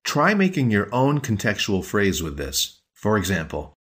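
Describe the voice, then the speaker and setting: A man hosting a podcast language lesson, explaining phrases patiently and slowing down to stress key words. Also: on the low side, animated, fairly bright tone. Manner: clear, patient explaining with slowed-down emphasis.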